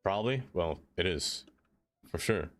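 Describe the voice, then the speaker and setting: Over soft background music, a deep-voiced man streams a city-building game at a measured pace. Playful and easily excited, he greets viewers by name and laughs frequently in casual chat.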